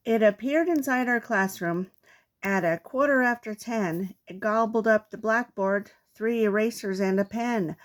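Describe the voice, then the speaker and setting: An older woman, a grandmother, reading children's poems aloud in a playful, expressive way. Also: mid-range voice, unhurried. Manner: playful, expressive read-aloud with comic trailing-off.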